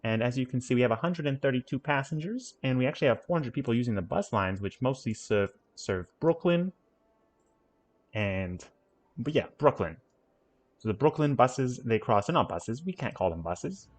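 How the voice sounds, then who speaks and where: A man's voice: medium pitch, expressive, a little fast, hardly any pauses. Rambling man narrating a city-builder game. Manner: rambling, self-correcting, playful asides. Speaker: gaming channel host. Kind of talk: casual let's-play commentary.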